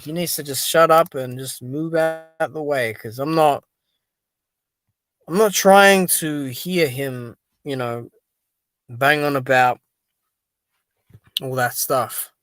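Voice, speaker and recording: A tired, sleepy man chatting casually on a live stream, reacting out loud and reading viewer comments. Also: mid-range voice, gravelly, no echo. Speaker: boxing stream host.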